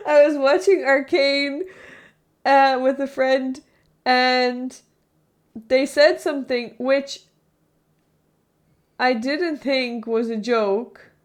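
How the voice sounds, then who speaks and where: Giggly, rambling young woman streamer. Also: a little high. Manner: rambling, self-correcting, laughs often. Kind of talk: casual live-stream chat.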